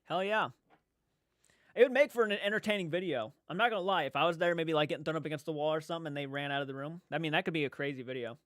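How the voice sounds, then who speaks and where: A man chatting casually with viewers on a live stream. He talks loudly and excitedly, and swears now and then. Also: on the high side, racing, no room sound. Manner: loud, upbeat, excited.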